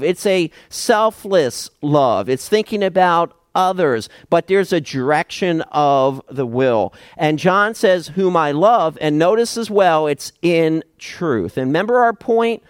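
Male pastor, expository sermon, slow measured delivery, slightly high voice, dry close sound. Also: animated, no room sound. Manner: deliberate, emphatic, often quotes verses aloud.

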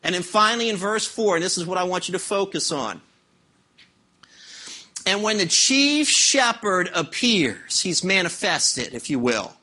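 A man's voice: high voice, sing-song, measured pace, bright, forceful tone, husky. A man preaching a sermon as pastor, asking the congregation rhetorical questions.

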